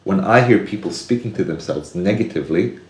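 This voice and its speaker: A man in a reflective, casual conversation, speaking earnestly and now and then acting out inner voices in sudden higher bursts. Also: a little fast, echoey room.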